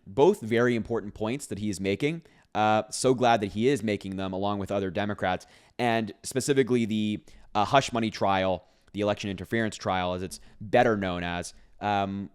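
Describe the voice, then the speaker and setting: A young man talks straight to his viewers in an emphatic, chatty commentary style. His voice sits on the low side, and he repeats himself and fills pauses with ums as he makes his points. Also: smooth. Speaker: political commentary vlogger. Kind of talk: casual commentary to camera.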